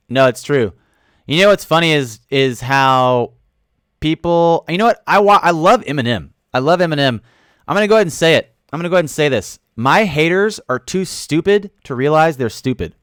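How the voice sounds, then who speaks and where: Animated man hosting a crypto livestream. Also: on the high side, brisk, clear, resonant tone, dry recording, clean studio sound. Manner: animated, jokey, talks to chat, loud sudden outbursts. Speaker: livestream host. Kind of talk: casual livestream chat reading comments. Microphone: studio microphone.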